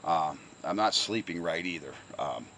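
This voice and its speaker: A man's voice: deep voice, lively intonation, unhurried, fairly bright tone, a little hiss or hum. An older retired man from the Pocono Mountains with a slight Pennsylvania Dutch accent, rambling bluntly and profanely in a casual workshop vlog, worn out from the heat. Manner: gruff, blunt, profane, repeats words. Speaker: retired truck restorer. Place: home workshop.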